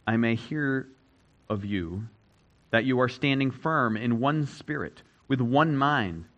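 A man preaching a sermon as a pastor, repeating key phrases and swinging between loud emphasis and hushed statements. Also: mid-range voice, takes it slowly, lo-fi sound.

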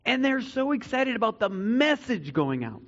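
A man preaching a sermon to a congregation, earnest, swinging between loud emphatic stretches and quiet reflective ones. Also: very high-pitched, big pitch swings, moderate pace, highs cut off. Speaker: pastor.

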